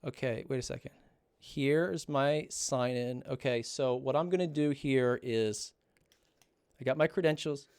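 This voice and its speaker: A man's voice: medium pitch, a little slow, darkish tone, clean tone. Jittery man narrating his own livestream, casual and nervous, turning aside to family now and then. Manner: talks to family off-mic while narrating. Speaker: streamer revealing exam results.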